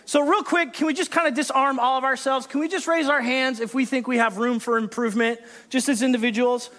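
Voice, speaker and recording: A man's voice: very high-pitched, steady tone, brisk, a bit bright, in a large hall. A man preaching a conversational sermon to a congregation, chatty and self-deprecating, with joking asides. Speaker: pastor. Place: church service with a congregation.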